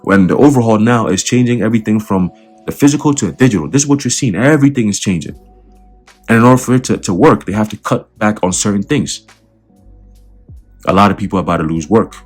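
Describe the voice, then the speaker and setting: Man, low voice, casual commentary, repeats himself, keeps asking "right?", faint music behind. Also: animated, fast talker, a little mellow. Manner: conversational, repeats words, checks in with "right?" and "you see?". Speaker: online commentator. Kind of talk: casual religious and political commentary.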